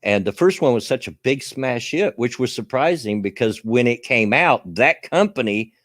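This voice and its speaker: A man's voice: medium pitch, expressive, normal speed, a bit bright, no room sound, studio quality. A man with a Southern US accent hosting a casual chat stream, rambling about games and chuckling often.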